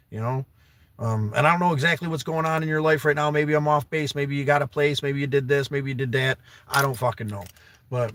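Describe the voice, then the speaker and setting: This young livestream host has a mid-range, slightly bright voice. In an emotional, heartfelt appeal, he earnestly asks a viewer he calls brother to come and stay at his place.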